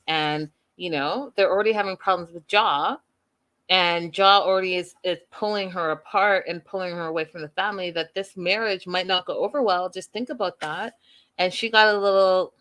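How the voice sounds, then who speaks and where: A woman's voice: lowish voice, fairly bright tone. A woman hosting a TV recap show, chatting casually to her viewers in a gossipy, playfully dramatic way.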